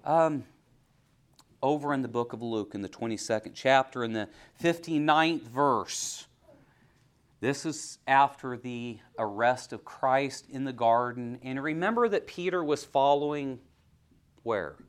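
Male preacher, sermon delivery, hushed-to-fervent swings, questions the congregation. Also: mid-range voice, a little slow, smooth. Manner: swings from hushed near-whispers to loud, rising exhortation.

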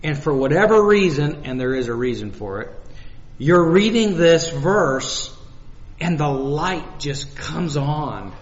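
A man's voice: fairly high pitch, animated, takes it slowly, big-room sound, lo-fi sound. A man preaching a sermon in a conversational way, telling personal stories and acting out little dialogues. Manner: conversational, with repeated restarts and acted-out dialogue.

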